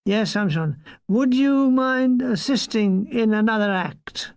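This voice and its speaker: An eager, salesy showbiz agent in his thirties, as an older woman reading a memoir puts him on, pushing his pitch a little higher as he sells the act. The sound is dry and close. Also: slow pace, darkish tone, no room sound. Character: hyperactive balding male showbiz agent, thirties.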